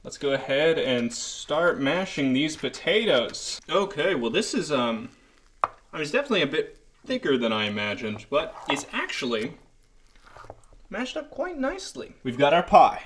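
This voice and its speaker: Lively, jokey man hosting a cooking vlog. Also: a little high, normal speed. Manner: playful, mock-earnest, hypes up bad food. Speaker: cooking vlogger. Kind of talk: jokey mock cooking show narration.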